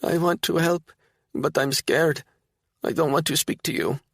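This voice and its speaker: A man's voice: on the high side, a little slow, creaky, fairly bright tone, no echo, studio quality, voice pushed up, exaggerated voice. A man voicing a frightened, battered young woman who pleads fearfully in an audiobook.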